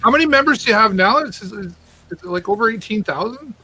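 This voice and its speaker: Bright-voiced chatty male show host. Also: high-pitched, expressive, brisk, slight background noise, rough recording. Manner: jokey, chatty, greets viewers by name. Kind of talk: casual live show chat.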